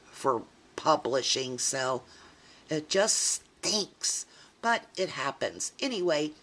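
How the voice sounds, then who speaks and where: A woman's voice: on the low side, a bit bright. A middle-aged woman chatting casually as she shows her scrapbook pages, rambling and poking fun at herself. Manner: chatty, self-deprecating, rambling asides. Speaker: scrapbooking vlogger. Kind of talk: casual show-and-tell chat.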